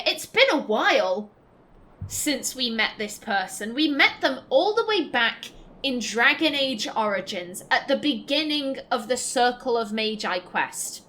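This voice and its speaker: A woman's voice: on the high side, a bit bright. A woman hosting a let's play, chatting casually and exclaiming as she plays, with playful swearing. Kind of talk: casual gameplay commentary.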